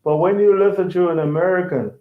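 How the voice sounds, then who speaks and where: Male teacher, slightly high-pitched, repetitive, on an echoey phone-quality line. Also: steady tone, fast. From Brazil. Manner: repetitive, restarts phrases and checks with "right?". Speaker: language teacher. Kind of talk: casual online lesson.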